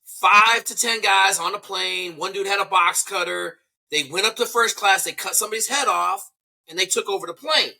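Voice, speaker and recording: A man's voice: high-pitched, normal speed, vocal fry, bright, forceful tone. A man in his forties, a former special operations veteran, telling blunt, profane stories in a casual panel talk. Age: 40s.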